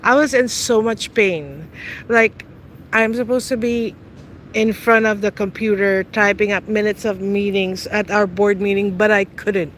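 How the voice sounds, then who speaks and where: A woman's voice: mid-range voice, fairly even intonation, unhurried, fairly bright tone, a little hiss or hum, rough recording. A middle-aged woman in casual, teasing chat with live viewers outdoors, laughing often. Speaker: vlogger. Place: outdoors on a city street.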